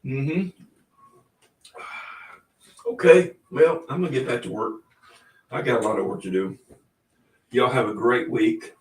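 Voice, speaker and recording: A man's voice: mid-range voice, animated, a little slow, long pauses, recorded from a distance. A man hosting a casual livestream chat, easygoing and rambling, often chuckling. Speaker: livestream host. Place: indoors, room with cabinets. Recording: echoey room, away from the mic.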